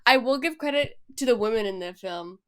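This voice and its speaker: A woman co-hosting a podcast in casual chat, blunt and animated, swearing freely. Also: on the high side, fairly quick. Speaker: podcast co-host.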